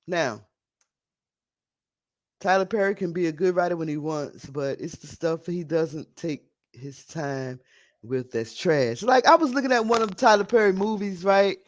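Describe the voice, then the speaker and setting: A man's voice: sits high, a little slow. A man hosting a live stream podcast, chatting casually and a little scattered while he sorts out his audio.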